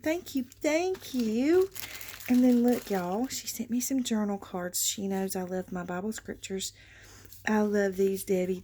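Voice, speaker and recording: A woman hosts a casual craft vlog, and her slightly raised voice gushes over each new item. She speaks slowly and unhurriedly, with gasps and delighted exclamations, calling her viewers y'all. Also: fairly high pitch. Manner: gushing, excitable, frequent gasps and exclamations. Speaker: craft channel host. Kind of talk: casual show-and-tell vlog.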